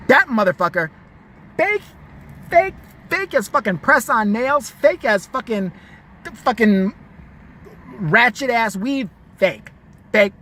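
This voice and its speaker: A male vlogger in full rant, swearing freely and mocking everyone in sight. His pitch swings wildly from high yelps to low mutters. A faint hiss of background noise runs under the voice. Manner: profane, animated, mocking. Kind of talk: ranting commentary.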